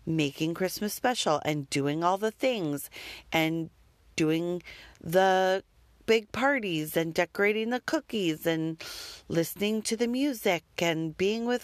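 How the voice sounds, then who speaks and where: A woman's voice: fairly low pitch, unhurried, dry recording. A woman talking candidly about parenting in a rambling, self-critical monologue with the odd curse word. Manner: rambling, self-deprecating, occasionally profane.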